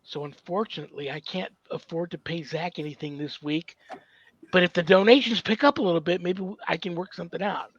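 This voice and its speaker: A man's voice: high voice, a little fast, no room sound. A man hosting a casual podcast interview, talking in a rambling, chatty way with many fillers. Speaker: podcast host. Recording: dull, dry podcast recording.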